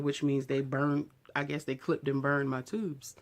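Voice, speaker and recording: A woman in her early thirties, telling a personal story to camera in a candid, animated way. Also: deep voice, fairly quick. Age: 30s. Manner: candid, animated retelling, heated when quoting herself. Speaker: beauty vlogger.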